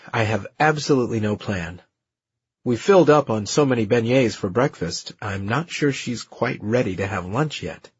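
A man narrating an audiobook in the first person, soft and reflective. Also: mid-range voice, slightly rough, dry recording. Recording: dull dry studio recording.

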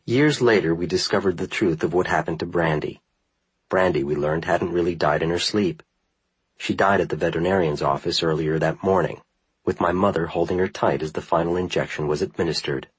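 A man narrating a first-person memoir in a measured, earnest reading style. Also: sits low, husky, dry recording, low-quality recording. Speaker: audiobook narrator.

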